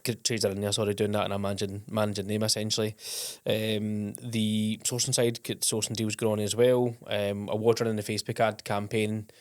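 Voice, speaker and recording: Chatty man with a low voice. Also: flat delivery, a little fast, hardly any pauses, no echo, clean studio sound. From Scotland. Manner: chatty and rambling, many ums and restarts. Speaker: podcast host. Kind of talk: casual podcast chat.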